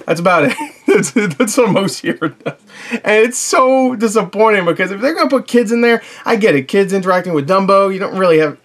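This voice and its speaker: A man's voice: high voice, lively intonation, a little fast, a bit bright. A man talks through a movie review off the cuff, rambling and chatty, with lots of fillers and restarts. He is blunt and informal and swears now and then. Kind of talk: casual spoken movie review.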